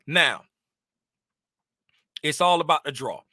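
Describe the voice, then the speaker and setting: A man casually walking through a chart on a screen share, thinking out loud and talking to himself in a chatty, animated way. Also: a little high, slow pace, no room sound, studio quality. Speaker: trading educator.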